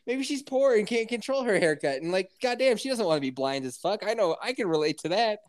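A woman's voice: medium pitch, expressive, brisk. A woman co-host teasing and interrupting with jokes and swearing in a casual chat. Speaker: podcast co-host. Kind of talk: casual banter.

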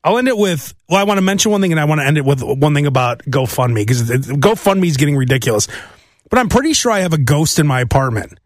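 A man rambles through a comedic solo monologue, his high voice swinging widely as he acts out the people in his stories. The sound is close and dry, with no room around it. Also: quick pace, no echo. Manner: rambling, animated storytelling with mimicked voices. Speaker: podcast host.

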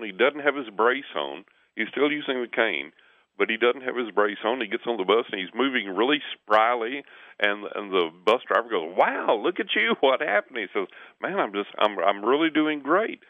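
A man telling stories in a relaxed conversation, lively as he acts out what others said. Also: on the low side, dry recording. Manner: animated storyteller, acts out quoted voices. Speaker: guest. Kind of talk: conversational storytelling. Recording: tinny phone line.

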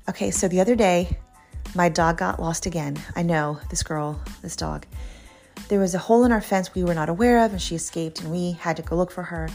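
A woman giving a casual devotional talk, earnest and chatty, laughing easily and speaking straight to her listeners. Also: mid-range voice. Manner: earnest and warm, laughs easily, addresses listeners as "you guys". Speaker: Christian devotional host.

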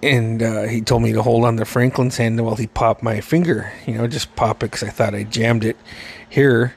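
A male podcast host with a gravelly, fry-laden voice at an ordinary pitch. He tells his stories in a loose, rambling way, full of swearing and laughter. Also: steady tone, moderate pace. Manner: profane, rambling, laughing often. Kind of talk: casual storytelling.

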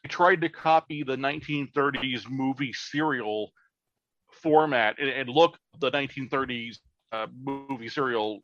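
A man co-hosting a podcast in casual chat, halting and crude in a blunt way. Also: medium pitch, fairly bright tone, lo-fi sound. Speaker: podcast co-host.

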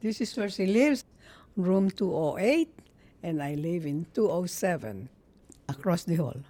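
A woman who lives in a hotel, recalling a neighbor in a slow, casual way in a documentary interview. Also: fairly low pitch, expressive, dark tone. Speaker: hotel resident.

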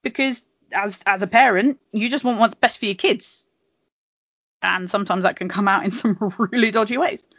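A British woman with a bright, crisp tone, talking in a loose, rambling way and laughing often. The sound is dry and close, a little dull and lo-fi, like a home podcast recording. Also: medium pitch, normal speed, no echo. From Britain. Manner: giggly, rambling, frequent laughs and restarts. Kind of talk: casual chat.

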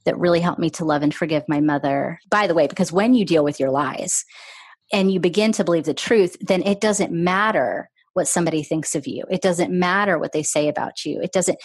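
A woman's voice: lowish voice, fairly quick, slightly rough, no echo. A middle-aged woman, a guest author on an interview, telling her own story in an earnest, candid way. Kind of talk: conversational storytelling.

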